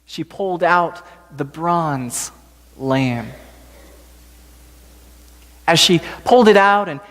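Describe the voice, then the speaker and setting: Brief: male preacher, measured gentle storytelling, slightly high voice, long church reverb. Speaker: pastor. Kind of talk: storytelling sermon. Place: church sanctuary.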